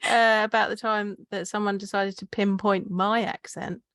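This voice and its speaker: A woman's voice: mid-range voice, little pitch movement, moderate pace, fairly bright tone, no echo, clean studio sound. A woman from Kent with a southern English accent, co-hosting a podcast and telling stories with frequent laughs. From Kent, England. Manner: laughs often, chatty storyteller. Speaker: podcast co-host. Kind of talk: casual chat.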